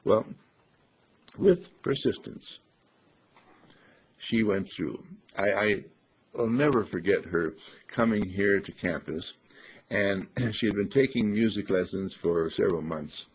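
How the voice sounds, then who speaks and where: A man giving an earnest, deliberate lesson on speaking clearly. He often clears his throat and restarts his phrases. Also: lowish voice. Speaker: speech teacher. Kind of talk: instructive talk on clear speech. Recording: dull lo-fi recording.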